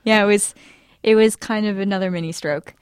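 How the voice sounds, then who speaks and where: A woman's voice: medium pitch, fairly even intonation, a little fast, clear, resonant tone, dry recording, clean studio sound. A young woman co-hosting a podcast, talking casually, laughing and trailing off mid-sentence. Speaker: podcast co-host. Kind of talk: casual chat.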